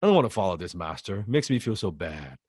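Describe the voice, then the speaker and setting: A man voicing a wish-granting genie that grants goals without judging them, in quick, clipped exclamations. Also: a little high, wildly swooping pitch, husky, dry recording, studio quality, full character voice. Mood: gloomy.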